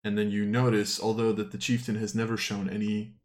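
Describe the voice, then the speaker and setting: A man's voice: fairly low pitch, flat delivery, fairly quick. A man narrating as game master of a tabletop game, rambling and hesitant, with many fillers and self-corrections.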